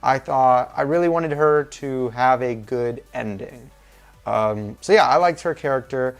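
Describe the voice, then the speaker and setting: A man's voice: mid-range voice, unhurried, faint music behind. A young man talking through a movie review in a casual, rambling, informal way.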